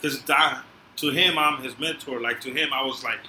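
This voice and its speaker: Heartfelt man with a bright voice. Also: mid-range voice, steady tone, moderate pace. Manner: emotional, street slang, heartfelt retelling. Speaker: podcast guest. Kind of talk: casual interview storytelling. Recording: echoey room, faint noise.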